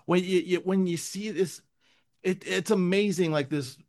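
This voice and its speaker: Upbeat, animated man from San Francisco. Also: high voice, moderate pace. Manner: animated, enthusiastic, laughs often. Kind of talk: casual chat.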